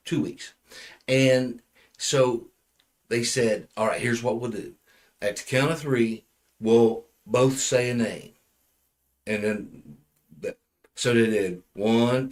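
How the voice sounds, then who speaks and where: A man hosting a podcast, telling a funny story in casual chat, rambling and restarting often. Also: mid-range voice. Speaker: podcast host.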